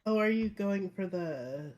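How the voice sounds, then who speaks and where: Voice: mid-range voice, lively intonation, unhurried, darkish tone. Teasing tabletop player. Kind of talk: casual tabletop role-play.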